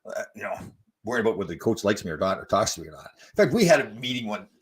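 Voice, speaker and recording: Racing along with big pitch swings, a man in his sixties with a lowish, breathy voice runs a casual live stream. He reads viewers' comments aloud and launches into rambling stories in reply.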